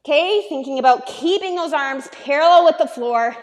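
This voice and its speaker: High-voiced, upbeat woman fitness coach. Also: moderate pace, big-room sound. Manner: upbeat, encouraging, counting reps aloud. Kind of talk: workout instruction.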